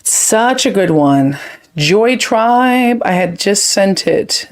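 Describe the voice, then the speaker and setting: A woman's voice: medium pitch, lively intonation. A woman hosting a live chat stream, talking casually and effusively as she reads viewer comments and thanks them. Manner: quick, chatty, drifts between topics. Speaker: livestream host.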